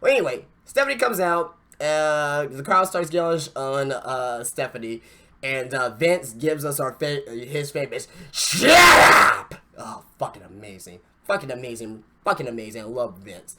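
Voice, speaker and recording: A man with a medium-pitched voice hosts a wrestling podcast, reviewing an event at normal speed with background noise behind him. He rants casually, swears, and keeps stammering and restarting his sentences.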